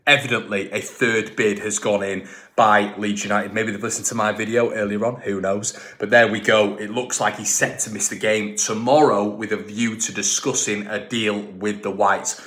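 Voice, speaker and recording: A man's voice: on the low side, flat delivery, moderate pace, fairly bright tone. A man hosting a football fan channel, talking casually and emphatically and often repeating himself and restarting lines.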